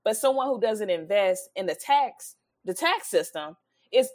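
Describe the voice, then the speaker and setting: A woman's voice: medium pitch, animated, unhurried, a little mellow. A woman co-hosting a podcast in casual chat, sassy, blunt and emphatic. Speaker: podcast co-host.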